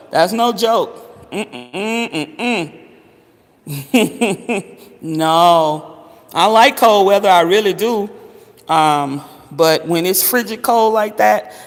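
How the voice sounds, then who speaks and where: A man chatting casually to his viewers, calling them honey and swearing freely. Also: sits high. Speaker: vlogger. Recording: long reverberant echo.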